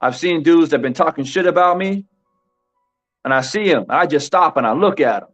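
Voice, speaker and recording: A man's voice: on the high side, lively intonation, fairly quick, fairly bright tone. Fired-up man hosting a stream. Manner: emphatic, repeats his points, says "bro" often. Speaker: boxing commentary channel host. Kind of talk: live-stream commentary, talking to the chat. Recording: dull lo-fi with faint music.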